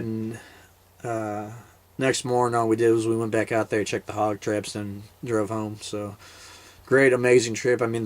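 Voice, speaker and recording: A man, a military veteran, casually telling a hunting story in a rambling, laid-back way with many fillers and restarts. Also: medium pitch.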